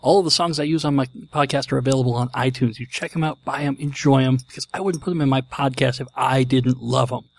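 A man's voice: medium pitch, steady tone, fast, hardly any pauses. A man hosting his podcast, talking casually with a jokey, self-deprecating manner. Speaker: podcast host.

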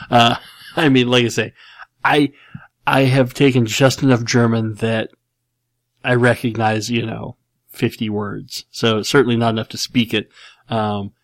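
A man's voice: mid-range voice, creaky, no echo. A man in his forties hosting a casual show, reading out listener questions and answering them in a rambling, self-deprecating way with frequent chuckles. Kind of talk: casual chat.

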